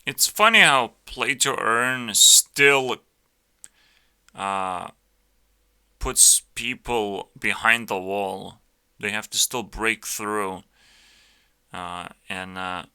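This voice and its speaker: Slow, profane ranting man. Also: lowish voice, bright, forceful tone, clean tone. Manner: blunt, profane, full of fillers and restarts. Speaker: youtuber reacting to videos. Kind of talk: casual ranting commentary.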